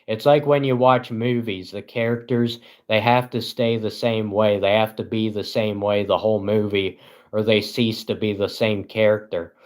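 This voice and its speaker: A man's voice: lowish voice, steady tone, normal speed. A man live streaming, rambling in a self-deprecating, giggly way. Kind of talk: casual live-stream chat.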